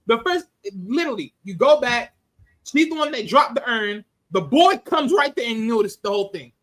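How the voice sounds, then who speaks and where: Male movie reviewer, high and bright, casual and animated. Laughs a lot and slips into voices for the scenes. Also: normal speed.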